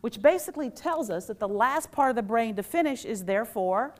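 A woman presenting a workshop to a live audience, playful and animated, asking questions and pulling the room in. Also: a little high, a little fast. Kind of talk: lively talk to a live audience.

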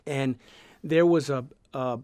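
A man's voice: mid-range voice, slow pace, clean tone, dry recording. Dry-voiced Southern storyteller man. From Georgia, USA. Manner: rambling, animated storyteller with many restarts. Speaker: guest, sound effects artist. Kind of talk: radio interview conversation. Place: radio studio.

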